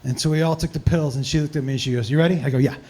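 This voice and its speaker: High-voiced comedian telling a story. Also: male voice, very fast. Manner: animated, laughs often, profane. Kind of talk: storytelling in a live Q&A.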